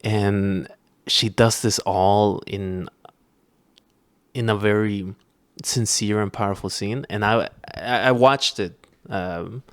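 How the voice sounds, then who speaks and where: A man's voice: fairly low pitch, fairly even intonation, takes it slowly, no echo. A young man hosting a podcast in casual chat, rambling with lots of fillers and restarts. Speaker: podcast host.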